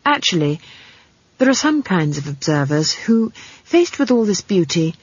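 A woman reading a comic fantasy novel aloud, her voice husky and lower-pitched, rising and falling with lively swings. The sound is dry and close, a bit dull and lo-fi. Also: normal speed, dry recording. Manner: wry, expressive storytelling with comic asides. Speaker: audiobook narrator. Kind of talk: scripted storybook narration.

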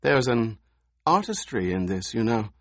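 A man's voice: medium pitch, very animated, unhurried, a bit bright, no room sound, clean studio sound, full character voice. A man doing a gloating, silky torturer. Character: sly cruel male torturer, silky and eager.

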